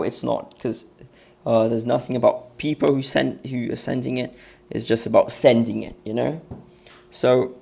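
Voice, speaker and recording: A man teaches an online English grammar lesson. His mid-pitched voice has a gravelly, husky edge. He works through each point step by step and keeps asking rhetorical questions. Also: a little mellow.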